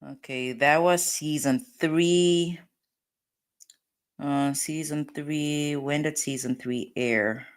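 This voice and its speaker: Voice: medium pitch, fairly even intonation, slow. A host giving casual commentary, thinking aloud and laughing often.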